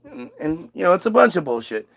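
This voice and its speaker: A man's voice: fairly high pitch, big pitch swings, brisk, vocal fry. A man delivering a rambling, profane comic monologue. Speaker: comedian.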